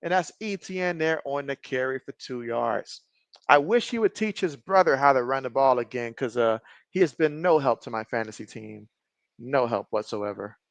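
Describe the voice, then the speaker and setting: A man streaming a game, giving casual play-by-play, reading viewer chat and joking often, getting excitable on big plays. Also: medium pitch, normal speed, gravelly, no echo. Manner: jokey, excitable, often laughs. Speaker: live-stream sports commentator.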